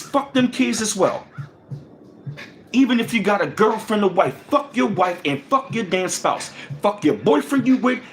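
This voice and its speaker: A male livestream host rants angrily, swearing and repeating himself a lot. He lurches from loud outbursts to low muttering.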